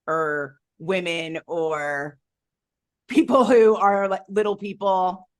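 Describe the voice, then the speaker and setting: A woman co-hosting a podcast in casual chat, animated, laughing often and jumping between topics. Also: fairly low pitch, slow pace. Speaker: podcast co-host.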